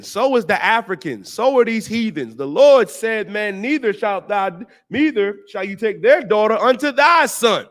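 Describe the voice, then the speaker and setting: A man hosting a talk show, preaching on scripture in slangy, emphatic speech and drawing out the verses slowly. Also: sits high, fairly bright tone. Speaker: host and teacher.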